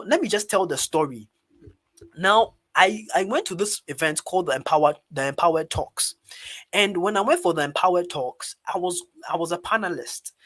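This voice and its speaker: A Ghanaian man with a fairly high voice tells a story in an online public speaking webinar. He speaks in an animated, lively way, calling his listeners "guys" as he goes. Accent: Ghanaian English. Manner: animated, talks directly to his audience as "guys".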